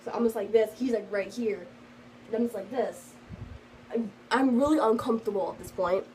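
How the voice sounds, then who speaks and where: A woman's voice: a little high, normal speed, a little mellow, a little hiss or hum, poor audio. A teenage girl telling a storytime vlog in a rambling, casual way, full of fillers, and slightly sick. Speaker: vlogger.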